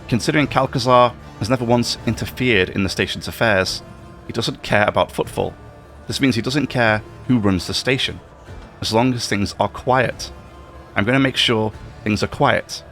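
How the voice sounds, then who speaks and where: A man's voice: mid-range voice, moderate pace, fairly bright tone, soft background music, close to an everyday voice. A man reading a cold scheming conspirator. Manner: reads game dialogue aloud in a level tone. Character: scheming male station conspirator, cold and persuasive.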